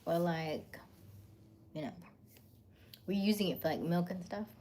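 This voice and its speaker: A woman hosting a casual livestream while eating dinner, chatting, greeting viewers by name, laughing often and sometimes dropping to a soft half-whisper. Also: on the low side, expressive, normal speed, slight background noise. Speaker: livestream host.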